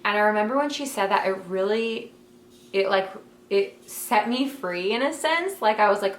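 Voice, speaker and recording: A woman's voice: mid-range voice, expressive, moderate pace. A young woman telling a personal story in a casual, heartfelt way, full of fillers like "like" and "um", recorded at home in her bedroom. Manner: chatty, many fillers like "like" and "um"; emotional, heartfelt. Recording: echoey room, faint ambient noise.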